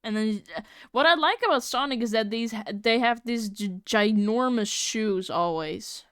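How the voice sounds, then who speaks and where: A woman's voice: on the high side, normal speed, fairly bright tone, clean tone, no room sound, clean studio sound. A young woman live-streaming as she draws, chatting casually in a giggly, rambling, playfully exasperated way. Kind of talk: casual live-stream chat while drawing.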